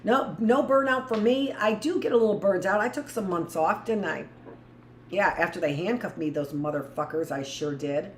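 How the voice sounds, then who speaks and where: A middle-aged woman reads a book aloud to a live class at a middle pitch. She breaks off often into blunt, rambling asides of her own. The room echoes around her, with a faint hiss underneath. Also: normal speed. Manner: rambling, blunt asides between read passages. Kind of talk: live book reading with commentary.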